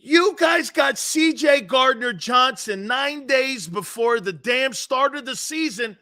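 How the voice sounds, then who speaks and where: Brash high-voiced sports talk host. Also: male voice, expressive, slow pace, sharp tone. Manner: brash, blunt, emphatic, addresses listeners as dude. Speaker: sports talk show host and former player. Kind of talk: opinionated sports talk commentary.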